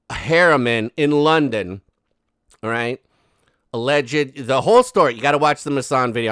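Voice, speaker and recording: A man's voice: medium pitch, fairly bright tone, no room sound. Rambling sarcastic man, dry sound. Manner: rambling, sarcastic, full of fillers and asides. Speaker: commentary host. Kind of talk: casual gossip commentary.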